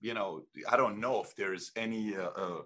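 Bright-voiced halting host. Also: male voice, on the low side. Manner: halting, repeats words, fills with uh. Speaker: podcast host. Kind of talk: casual interview chat.

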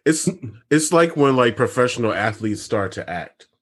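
A man's voice: mid-range voice, lively intonation, moderate pace. A man in casual chat giving dry, joking commentary. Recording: loud background noise.

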